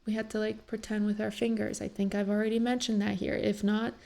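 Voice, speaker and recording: A woman's voice: mid-range voice, level tone, fairly quick, creaky, warm tone. A young woman talking casually in a reaction vlog, rambling with many fillers and teary after having cried. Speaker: vlogger reacting to a talk show.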